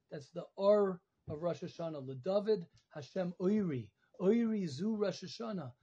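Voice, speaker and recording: Man, rabbi's class, high husky voice, repeats himself emphatically, lo-fi video call audio. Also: mellow. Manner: emphatic, repeats phrases, rises in pitch and volume when pleading. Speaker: rabbi teaching alumni.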